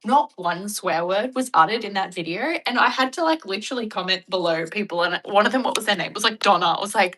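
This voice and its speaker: A young Australian woman chatting casually and bluntly with her viewers, joking and acting out animated retellings. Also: mid-range voice, fast talker, hardly any pauses, rough recording. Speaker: vlogger. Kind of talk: casual chat reacting to viewer comments.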